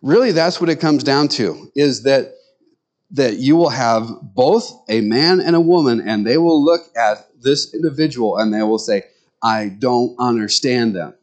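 A man's voice: medium pitch, lively intonation, normal speed, a little mellow. A male pastor preaching with humorous stories, acting out the voices he quotes. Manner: storytelling, acts out quoted voices. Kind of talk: sermon with humorous anecdotes.

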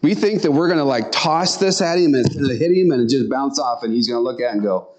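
A man preaching a sermon in an earnest, conversational way, often speeding up and slowing down. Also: medium pitch. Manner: tells stories and acts out quotes.

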